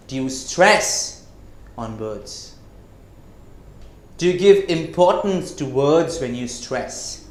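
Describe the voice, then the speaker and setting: A man giving a lesson on communication skills, who slows down to stress his words and keeps asking the listener rhetorical questions. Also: mid-range voice, lively intonation. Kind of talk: classroom-style lecture. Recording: echoey room.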